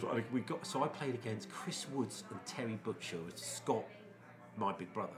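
A man in his fifties, co-hosting a podcast from a pub, telling casual anecdotes as a lively storyteller who swears freely. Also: lowish voice, moderate pace. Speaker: podcast co-host.

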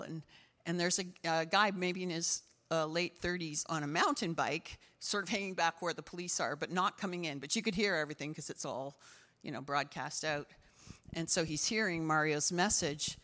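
A woman pastor telling healing stories in a sermon, with animated bursts of excitement and frequent restarts. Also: fairly low pitch, big-room sound. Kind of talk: sermon storytelling.

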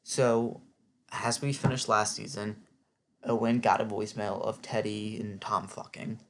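A man's voice: lowish voice, flat delivery, a little slow, gravelly, slight background noise. A man giving a casual, opinionated spoken recap, chatty and filling his talk with "like". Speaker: TV recap vlogger.

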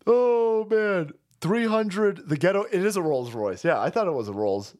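A man's voice: high voice, expressive, unhurried, few pauses, a little mellow. A man hosting a livestream, giving crude, mocking commentary on a video and laughing often. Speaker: livestream host.

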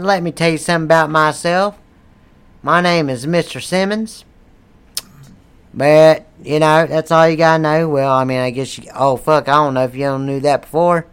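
A man's voice: a little high, fairly bright tone, clear, resonant tone. Rowdy, foul-mouthed young man. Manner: rowdy, profane, joking. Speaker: podcast co-host. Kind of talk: crude casual chat.

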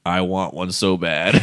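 Laid-back man for casual car talk, deep-ish clean voice, dry close recording. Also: fairly bright tone, no echo. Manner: laid-back, laughs often, swears casually. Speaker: co-host. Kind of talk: casual chat.

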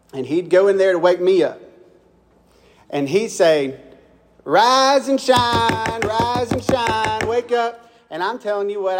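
A young man from Mississippi preaches with a Southern accent, his voice sitting high for a man. He tells homespun stories and keeps turning to the congregation with questions. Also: a little hiss or hum. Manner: folksy, asks the congregation questions. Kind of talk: folksy storytelling sermon.

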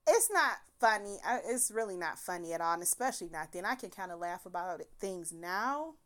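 A woman casually recounting a bad date in an animated, profane way, with laughs breaking into her telling. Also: fairly low pitch, brisk. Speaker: storyteller. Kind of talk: casual storytime monologue.

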